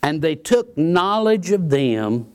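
A man's voice: on the high side, big pitch swings, slow pace, clear, resonant tone. A man preaching a sermon, earnest and given to repeating his words. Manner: earnest, repeats words, quotes scripture and hymns.

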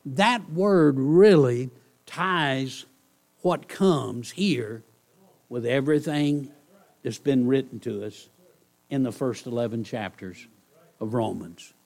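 A man's voice: medium pitch, slow pace, gravelly. A male pastor giving a sermon in a conversational, pleading manner, often checking in with the congregation. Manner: conversational, repeats "all right?" to the congregation; soft pleading delivery with bursts of emphasis.

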